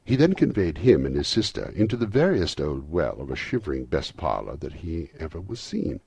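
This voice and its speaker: A man narrating a classic novel as an audiobook, reading in a lively, expressive way. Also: sits low, creaky, husky, dry recording.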